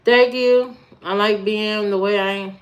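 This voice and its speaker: A woman's voice: mid-range voice, steady tone, a little slow, muffled recording. A woman from Indiana with an Indiana accent, hosting a live stream, talking bluntly and loosely straight back to viewers' comments. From Indiana, USA.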